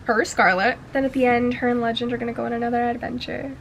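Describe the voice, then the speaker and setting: A young woman with a fairly high voice reviews books in a casual, gushing way. Her talk is full of slang and swearing, and she sounds fully caught up in the story. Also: steady tone, quick pace, a little hiss or hum, poor audio. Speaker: book vlogger.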